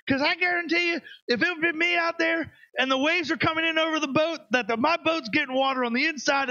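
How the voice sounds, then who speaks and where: A man preaching with a bright, high, lively voice that leaps up for emphasis and sinks low. The sound is dry and a little dull, like a modest church recording. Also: no room sound. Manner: emphatic, rises and drops sharply for effect. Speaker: pastor. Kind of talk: sermon.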